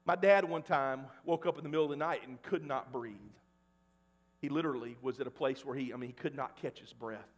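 A pastor in his forties from Mississippi preaching a sermon, dropping to a hush and then shouting at the peaks. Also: medium pitch, brisk. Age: 40s. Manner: swings between hushed and loud, shouting at peaks. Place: church sanctuary. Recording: long church reverb.

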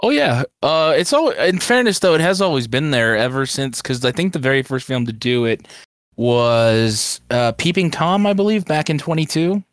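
Lively, chatty male podcast co-host. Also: on the high side, dry recording, studio quality. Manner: lively, swears casually, jumps in with quick remarks. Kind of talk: casual chat.

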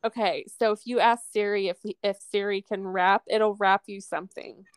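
A woman's voice: mid-range voice, steady tone, moderate pace, clear, resonant tone, no echo. Woman from the Midwest, casual podcast co-host, easy giggly chatter, dry booth sound. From American Midwest. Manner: chatty, laughs often, fillers like "you know". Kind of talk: casual chat.

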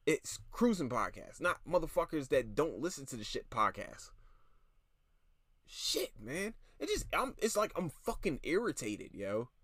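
A man's voice: on the high side, sing-song, fairly bright tone, husky, no room sound, clean studio sound. Irritated profane man ranting on a podcast. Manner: irritated, profane, rapid restarts and stammers. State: tired. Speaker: podcast host. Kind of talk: casual ranting monologue.

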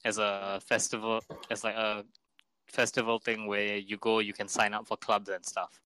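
A man's voice: lowish voice, little pitch movement, moderate pace, bright, forceful tone, clean tone, no echo, low-quality recording. A young man, chatting and rambling through a story as podcast co-host. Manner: rambling storyteller, laughs a lot. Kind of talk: casual chat.

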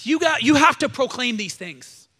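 A man's voice: very high voice, animated, moderate pace, sharp tone. A male pastor preaching a sermon at a church service, emphatic and exhortative, leading the congregation in call-and-response.

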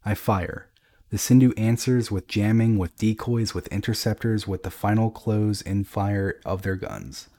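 A man reading a dramatic first-person story in a grave, measured way. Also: on the low side, mellow.

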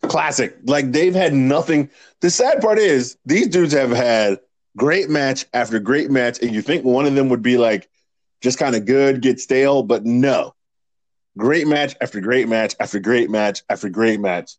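A man's voice: mid-range voice, unhurried, dry recording. Laid-back, profane man co-hosting. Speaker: podcast co-host. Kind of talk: casual podcast chat.

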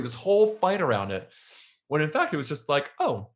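A man in a casual podcast conversation, telling stories and acting out imagined dialogue, often sinking into a soft, low voice. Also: sing-song, brisk. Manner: storytelling, acts out imagined dialogue, drops to soft low tones.

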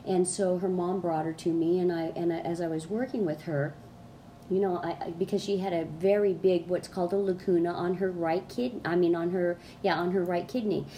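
Woman guest, mellow tone, rambling animated storyteller who acts out her quotes. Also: on the low side, a little fast, slight background noise. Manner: rambling, with many restarts and fillers. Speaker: guest, colon hydrotherapist. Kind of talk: casual storytelling in an interview.

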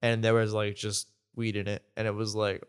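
A man's voice: on the low side, level tone, moderate pace, clear, resonant tone. A man co-hosting a podcast in casual, loose chat, swearing freely and laughing often. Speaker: podcast co-host.

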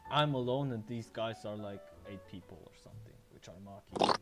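A man in casual podcast chat over an online call, speaking haltingly with many filler words. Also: lowish voice, a bit bright, faint music behind.

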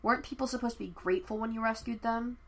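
A woman narrating fan fiction as an audiobook, telling the story in a steady, even way. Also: on the high side, fast.

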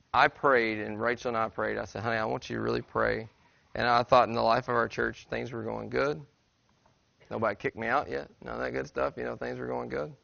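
A man's voice: mid-range voice, creaky, a bit bright, muffled recording. A middle-aged pastor, a man, preaching a sermon in a folksy, conversational storytelling way to his church. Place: church sanctuary.

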